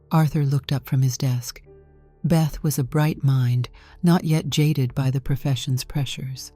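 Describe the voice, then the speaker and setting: A woman narrating a story in a calm, measured way from a script. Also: rumbling low. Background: faint music.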